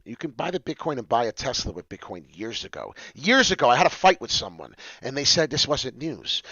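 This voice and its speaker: A middle-aged man from New Jersey hosting a rambling personal crypto vlog, emotional, jumping between loud outbursts and mumbled asides. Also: mid-range voice, dry recording. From New Jersey, USA. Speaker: crypto video host. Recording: dry, dull lo-fi sound.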